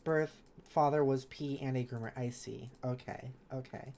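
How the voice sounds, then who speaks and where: Woman, low voice, streamer, reads chat aloud, supportive, chatty. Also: fairly even intonation, moderate pace, warm tone. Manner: reads chat messages aloud and answers them kindly; chatty and self-correcting, with laughs. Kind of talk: casual live-stream chat while gaming.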